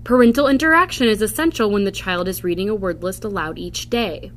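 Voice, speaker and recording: A woman's voice: mid-range voice, fairly bright tone, a little hiss or hum. A woman giving scripted instructional narration for a reading program, carefully sounding out example words. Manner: slow, careful demonstration of word sounds.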